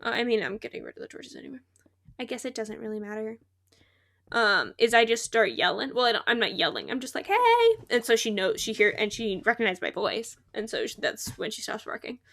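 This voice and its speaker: While streaming a game live, a young woman chats casually, talking freely and laughing often at herself. Her highish voice is expressive, gravelly and a bit bright, and she speaks briskly.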